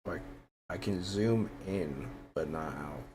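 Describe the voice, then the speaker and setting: A man with a deep voice talks slowly and loosely on a livestream, grumbling in mock annoyance and muttering asides as he arranges furniture. A faint hum of ambience sits behind him. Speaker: VTuber streamer. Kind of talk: casual livestream chatter while decorating a room in a game.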